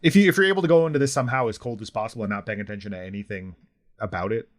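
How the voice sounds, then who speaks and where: A man's voice: on the low side, racing. A man co-hosting a podcast, rambling bluntly about a movie with lots of fillers. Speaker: podcast co-host. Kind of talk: casual film review chat.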